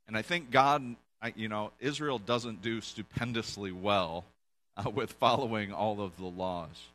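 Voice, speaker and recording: A man delivers a relaxed, joking sermon to his congregation, his voice sitting low yet carrying a bright, forceful edge. He often breaks off and restarts sentences as he talks, keeping the tone conversational rather than formal. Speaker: pastor. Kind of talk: casual sermon with audience volunteers. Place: church in front of a congregation.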